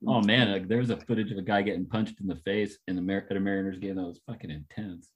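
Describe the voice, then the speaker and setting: Low-voiced man telling rambling stories. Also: fast talker. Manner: rambling storyteller, animated when laughing. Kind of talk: casual chat.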